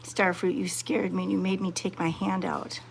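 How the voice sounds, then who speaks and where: A woman chatting to her viewers while petting cats, excited and fond, cooing softly to the animals. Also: lowish voice, normal speed, gravelly, a little hiss or hum. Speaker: cat sanctuary vlogger.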